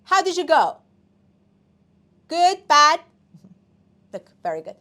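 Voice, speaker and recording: A woman's voice: sits high, big pitch swings, takes it slowly, pushed and bright. A woman teaching a live English exam-prep class. She speaks emphatically, repeating words aloud and drilling them for her students.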